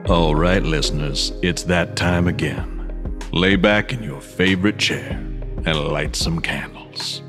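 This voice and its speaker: A man's voice: deep voice, voice pushed down. A man voicing a crooning late-night radio announcer, set back from the mic with music behind. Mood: seductive. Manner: slow, crooning.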